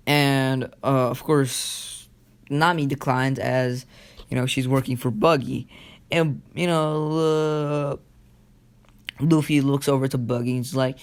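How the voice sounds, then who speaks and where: A man's voice: medium pitch, measured pace, clean tone. A sleepy, yawning man casually retelling a fan story, rambling with lots of fillers.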